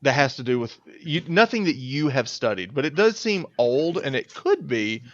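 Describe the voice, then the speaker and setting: A man's voice: medium pitch, very animated, normal speed, no echo, highs cut off. A man narrating a tabletop game as game master, in a casual, rambling way. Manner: casual, rambling with fillers and restarts.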